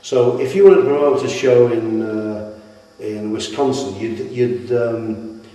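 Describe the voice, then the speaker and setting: A man's voice: medium pitch, a little slow. Middle-aged man, rambling storyteller. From Britain. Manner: rambling, animated, with many restarts. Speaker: retired wrestler interviewee. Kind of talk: anecdotal interview storytelling. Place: at his home. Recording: echoey room, mic at a distance.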